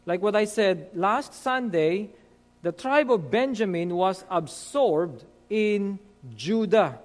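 A man preaching as a pastor, reading scripture verses deliberately and explaining them with frequent fillers. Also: sits high, animated, in a large hall. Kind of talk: Bible teaching sermon.

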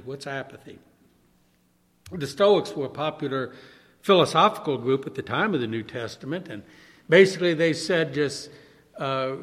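A male pastor preaching an impassioned sermon, swinging from loud pleading to hushed, soft passages. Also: on the high side, in a large hall.

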